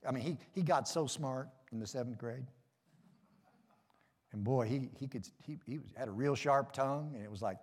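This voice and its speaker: Folksy preacher in a reverberant hall. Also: male voice, mid-range voice, fairly quick, a little mellow. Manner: folksy, joking preaching with call-and-response amens. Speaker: pastor. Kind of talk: sermon.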